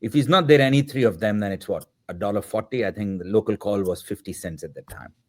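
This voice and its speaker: A middle-aged man, a podcast guest, telling a story with animated energy and acting out the voices of the people in it. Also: lowish voice, fast. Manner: animated, acts out the dialogue of the people in his story. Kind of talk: storytelling in an interview.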